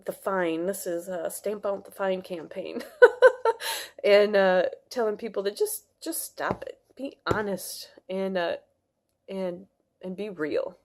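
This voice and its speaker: Woman, mid-pitched, heartfelt rambling vlog to camera. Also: unhurried, a little mellow. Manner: earnest, rambling, with many restarts and fillers. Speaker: wellness vlogger. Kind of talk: casual heartfelt monologue to camera.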